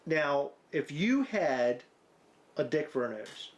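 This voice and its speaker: Animated, rambling profane man. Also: on the high side, slow pace. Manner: rambling, profane, spins absurd hypotheticals. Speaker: podcast co-host. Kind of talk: crude comedic banter.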